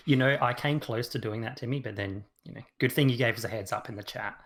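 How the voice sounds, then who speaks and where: A man's voice: medium pitch, fast talker, fairly bright tone. A man chatting casually on a games podcast, wry, with stammering restarts. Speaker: podcast co-host. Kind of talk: casual chat about games.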